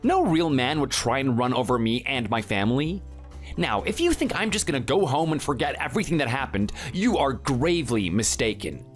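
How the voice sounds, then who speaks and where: A man's voice: medium pitch, sing-song, a little fast, soft background music, natural voice. A man voicing an indignant family man who confronts a bully, read in a synthetic texting-story style. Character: Italian-born family man standing up to a bully. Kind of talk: text-to-speech texting story.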